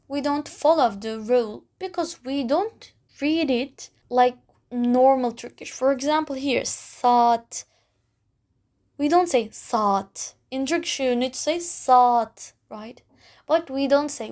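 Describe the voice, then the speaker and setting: A woman's voice: high voice, darkish tone. A woman teaching a Turkish lesson in simple English, with small grammar slips, repeating each word patiently to show how it sounds. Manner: patient, repeats words several times, drawn-out pronunciation examples. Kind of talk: slow explanatory language lesson.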